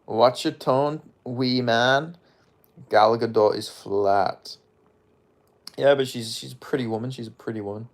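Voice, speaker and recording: A man at medium pitch, speaking a little slowly, reads out comments during a casual livestream. His chat is rambling and offhand, with plenty of profanity.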